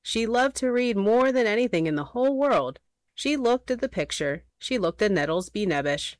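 A woman narrating a children's storybook aloud in an expressive, playful way. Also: fairly high pitch, moderate pace, no echo.

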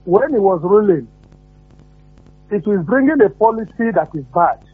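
A man's voice: high-pitched, lively intonation, normal speed, husky, soft background music. A man with a Nigerian accent calling in to a radio show, giving his opinion earnestly. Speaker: caller. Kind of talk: phone-in opinion. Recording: tinny phone line.

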